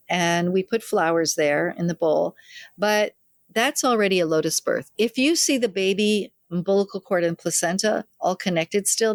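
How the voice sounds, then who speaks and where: A woman's voice: on the low side, no room sound, clean studio sound. An older woman, a midwife in an interview, telling family stories and acting out the people she quotes. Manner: lively storyteller who acts out quoted family members. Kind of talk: anecdotal interview storytelling.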